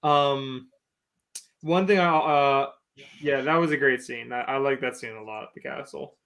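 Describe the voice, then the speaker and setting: A man co-hosting a casual podcast chat, easygoing and quick to laugh. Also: medium pitch, creaky, a bit bright. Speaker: podcast co-host.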